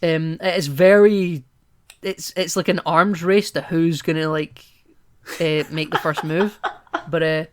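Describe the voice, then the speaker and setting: A man's voice: on the high side, steady tone, slow pace, smooth. Chatty man rambling through a film review. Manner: rambling and playful, with frequent asides and laughs. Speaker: podcast co-host. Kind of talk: casual film-review chat.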